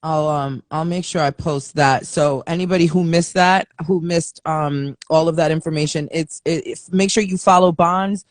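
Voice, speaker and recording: A woman hosting a live online interview, speaking supportively with halting restarts and fillers. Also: sits low, steady tone, no room sound. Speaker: host of a live online show. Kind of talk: interview host talk.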